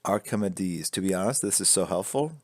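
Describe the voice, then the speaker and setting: A man's voice: sits low, a little slow, dry recording. A man streaming a live drawing lesson, explaining construction lines while he sketches, joking and reading chat aloud. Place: indoors at a drawing board. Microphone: camera fixed to drawing board.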